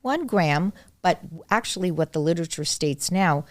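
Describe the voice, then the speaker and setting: A middle-aged woman with a low voice talks as a doctor, stressing and repeating the points that matter. Her voice is close and dry, with no room sound. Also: lively intonation, moderate pace, dry recording. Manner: emphatic, repeats key points. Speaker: gynecologist guest. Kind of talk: casual medical conversation.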